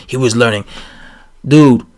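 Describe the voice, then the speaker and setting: A man giving a casual, rambling opinion rant on his channel, animated and full of fillers and restarts. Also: mid-range voice, a little slow. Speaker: boxing commentator vlogger.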